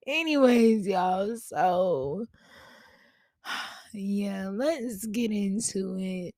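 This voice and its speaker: A woman's voice: mid-range voice, lively intonation, drawn-out words, long pauses, darkish tone, no room sound. A woman hosting a casual solo podcast from home on a podcast mic, chatty and slangy as she talks straight to her listeners. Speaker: podcast host. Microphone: podcast mic at a laptop.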